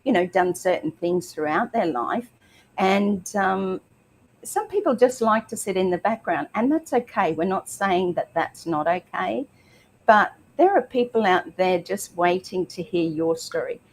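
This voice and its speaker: A middle-aged woman with an Australian accent hosts a live online show, greeting viewers one by one in a chatty, filler-heavy way. Her voice sits fairly low for a woman and carries a slight tickle in the throat. A faint hiss of background noise runs underneath. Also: lively intonation, unhurried, low-quality recording. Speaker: livestream host. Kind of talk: upbeat live show welcome.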